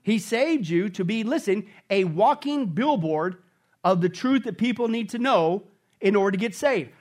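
A male pastor preaching a sermon emphatically, often checking in with the congregation and swinging between loud exclamations and quiet, intense stretches. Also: high voice, lively intonation, normal speed. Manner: repeats "okay?" and "contextually". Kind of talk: expository sermon.

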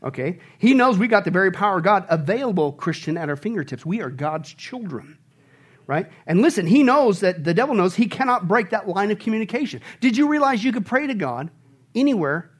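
Pastor preaching with an animated, call-and-response style and a high voice that swings widely. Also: male voice, a little fast. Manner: animated, asks the congregation questions, jokes. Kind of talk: sermon.

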